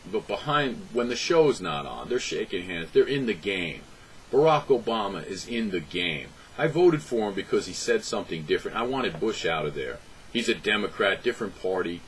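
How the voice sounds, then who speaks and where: A man from the United States rants angrily to camera about politics. His voice sits very low and he talks bluntly and swears freely. A faint hiss runs under the recording. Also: lively intonation, moderate pace, poor audio. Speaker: political vlogger. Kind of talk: angry political rant to camera.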